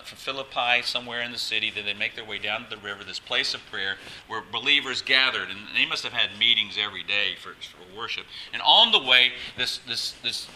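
Bright-voiced male pastor preaching emphatically. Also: fairly low pitch, a little hiss or hum, poor audio. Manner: emphatic and exhorting, with frequent restarts. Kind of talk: sermon.

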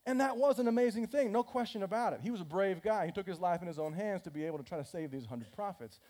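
A male pastor preaching a sermon in a lively, conversational way, often acting out the characters. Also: high-pitched, fast talker. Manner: animated, conversational, acts out scripture characters.

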